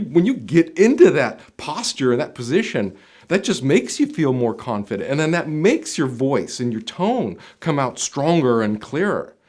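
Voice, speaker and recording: A man hosting a job interview tips video, talking straight to the viewer in an emphatic coaching manner that swings between punchy lines and quieter asides. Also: medium pitch. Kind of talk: direct-to-camera instructional talk.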